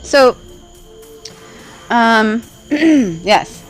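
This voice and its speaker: A woman's voice: fairly high pitch, lively intonation, drawn-out words, faint music behind, poor audio. A woman vlogger telling a spiritual story in casual, rambling talk, often checking in with "right?" and laughing along the way. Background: faint crickets.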